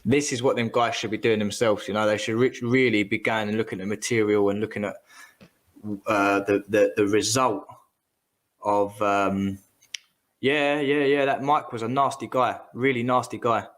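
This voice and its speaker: A man's voice: fairly low pitch, fairly even intonation, moderate pace, fairly bright tone. Heated rambling man. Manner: heated, rambling, swears, colloquial. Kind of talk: casual ranting chat.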